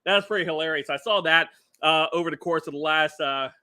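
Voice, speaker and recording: A man's voice: on the high side, fairly quick, bright, forceful tone. A middle-aged man hosting a casual commentary livestream, rambling and chuckling with lots of filler words. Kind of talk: casual political commentary stream.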